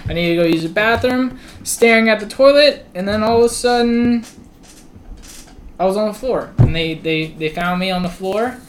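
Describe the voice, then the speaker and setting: A man's voice: high-pitched, moderate pace. A man telling a rambling story in casual podcast chat, laughing often and swearing freely.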